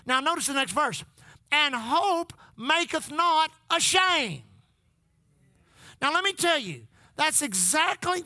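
An older pastor preaches in a high, bright voice. He stacks repeated phrases and calls out to the church for a response. The sound is dry and close. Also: dry recording. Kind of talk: sermon.

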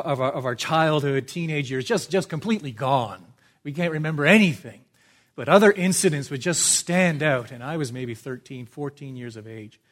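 A man from Canada preaching a sermon as pastor, with dramatic swings from a hushed, quiet delivery to loud, urgent emphasis. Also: medium pitch.

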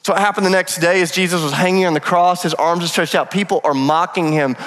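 A man preaching a sermon as pastor, telling stories lively with humorous asides. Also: high-pitched, quick pace. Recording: long reverb of a large hall.

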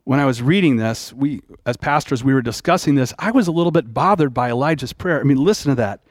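A man's voice: mid-range voice, expressive, fast talker, no room sound, clean studio sound. A man preaching a sermon as pastor, retelling a story in a plain-spoken, conversational way.

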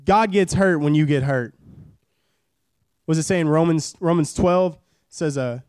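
A young man in his twenties delivers a church sermon in a loose, joking way, hammering points home by repeating them. His voice sits a little high and sounds smooth and resonant. The sound is close and dry. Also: normal speed, darkish tone, no echo. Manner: casual, joking, repeats phrases for emphasis. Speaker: preacher. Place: church service.

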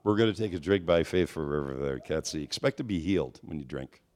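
A man speaks fast while preaching a charismatic, story-driven sermon, his delivery full of animated swings that climb to high, nearly shouted peaks.

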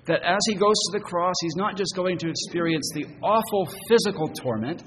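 A man preaching a sermon as pastor, earnest and halting, often repeating words as he goes. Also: high voice. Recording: long church reverb, faint noise.

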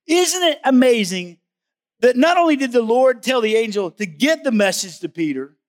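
Guy preaching a sermon, high voice, chatty and emphatic, keeps asking the crowd stuff. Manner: emphatic, conversational preaching, asks the audience questions. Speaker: pastor.

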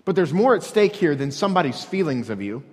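A man preaches with a fairly high voice, driving his points home through repetition and pointed rhetorical questions. His words ring out with the long reverb of a large hall, as in a church sanctuary. The delivery is earnest and steady. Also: fairly quick. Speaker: pastor. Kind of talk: sermon.

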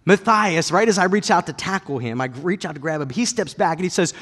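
A man in his thirties preaching a sermon and telling personal stories, lively and animated, his voice rising and getting loud when excited. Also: high voice, fast, few pauses, long reverb tail. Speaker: pastor.

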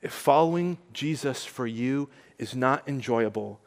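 A man preaching a sermon, earnest and conversational, rising to emphatic peaks and dropping soft. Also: mid-range voice, a little slow, big-room sound. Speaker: pastor.

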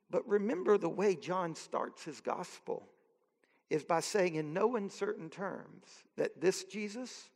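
Pastor, male. High voice with a gravelly edge, slow earnest sermon delivery, long hall reverb. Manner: earnest, building to impassioned questions, slow deliberate emphasis.

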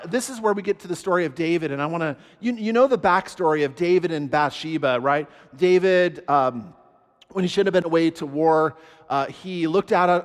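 Man, pastor preaching, fairly high voice, earnest and chatty, long hall reverb, music underneath. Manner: earnest, conversational preaching with many fillers and restarts. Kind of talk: sermon.

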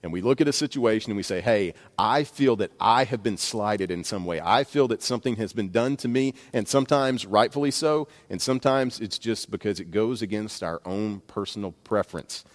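A man's voice: on the low side, a little fast, hardly any pauses. A man preaching a sermon, speaking conversationally with bursts of emphasis and asides. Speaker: pastor. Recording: long reverb of a large hall.

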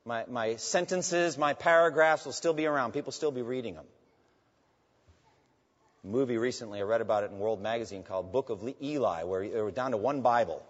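A man preaches at a middle pitch, lifting his voice sharply when he reads scripture aloud and falling to a hush when he speaks to his listeners as friends. His words ring out through a long, echoing hall. The recording sounds dull and muffled. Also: husky. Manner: preaching with rising emphasis on quoted scripture, dropping low on asides to "friends". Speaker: pastor. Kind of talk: sermon.

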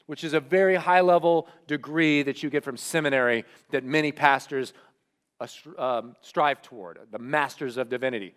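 A young man, a student pastor, preaching a sermon as a personal story, moving between loud animated retelling and quiet reflective asides. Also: mid-range voice, normal speed, clear, resonant tone.

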